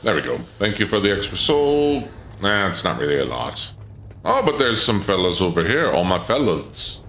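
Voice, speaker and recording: A man's voice: lowish voice, huge pitch swings, moderate pace, fairly bright tone, echoey room, a little hiss or hum. A man casually commenting on a game during a live stream, thinking aloud and answering chat. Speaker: gaming streamer.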